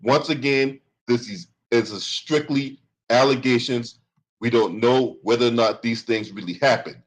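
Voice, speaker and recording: A man's voice: mid-range voice, a little slow, low-quality recording. Profane, sarcastic male commentary host. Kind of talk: reading a lawsuit and ranting commentary.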